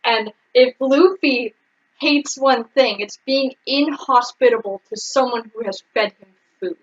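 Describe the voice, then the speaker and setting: Woman, high breathy voice, chatty recap chat, says like a lot, muffled lo-fi sound. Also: a little slow. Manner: chatty, leans on "like". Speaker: podcast co-host. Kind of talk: casual anime recap chat. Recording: dull lo-fi audio.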